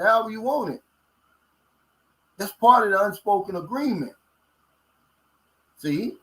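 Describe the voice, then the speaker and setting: A man in his late fifties with a Kentucky country accent talks in a casual vlog chat. His voice sits a little high for a man. His delivery is folksy and blunt, and he keeps tossing in "man" as he reacts to viewer comments. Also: a bit bright, poor audio. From Kentucky, USA. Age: 50s. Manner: folksy and blunt, drawls out filler words. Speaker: vlogger reading viewer comments.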